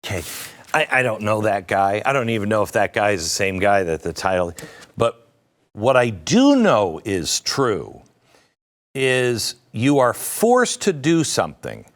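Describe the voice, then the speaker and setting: Male talk-show host, slow delivery with a lot of pitch swing, sarcastic political commentary. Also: wildly swooping pitch. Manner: sarcastic, mocking asides.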